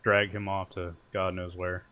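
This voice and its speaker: Man, low voice, casual game master narrating a tabletop battle. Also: little pitch movement, measured pace, narrow, tinny audio. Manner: casual, storytelling, joking.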